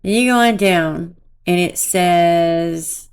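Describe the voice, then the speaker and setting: Slow-talking woman doing amused commentary. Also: fairly low pitch, smooth. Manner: laughs often, amused and chatty. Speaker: commentary channel host. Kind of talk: casual true-crime commentary, reading messages aloud.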